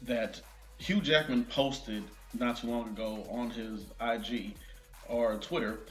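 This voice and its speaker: Excitable man reading movie news. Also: mid-range voice, takes it slowly, soft background music. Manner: reads articles aloud with excited asides. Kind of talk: casual news commentary vlog. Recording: roomy echo.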